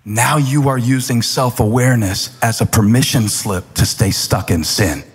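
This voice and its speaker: A pastor preaching a sermon with fervor, building to shouted, repeated refrains in a large church auditorium. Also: male voice, medium pitch, normal speed, husky. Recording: long hall reverb.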